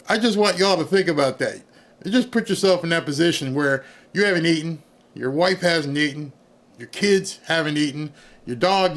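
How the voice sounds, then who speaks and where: A man's voice: a little high, a bit bright. A man, streaming an angry, sarcastic rant in reaction to news clips. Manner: angry, sarcastic, mocks others in put-on voices. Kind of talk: ranting reaction commentary.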